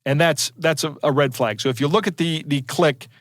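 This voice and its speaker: A man's voice: fairly high pitch, normal speed, no room sound, clean studio sound. A man co-hosting a podcast, chatting casually and digressing to explain technical details. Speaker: podcast co-host. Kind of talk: casual chat.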